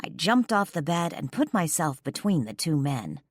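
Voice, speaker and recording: Low-pitched woman reading a romance audiobook, expressive and lively, very dry sound. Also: moderate pace, no room sound. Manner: expressive, sharp-tongued. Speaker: audiobook narrator. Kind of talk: first-person romance audiobook narration.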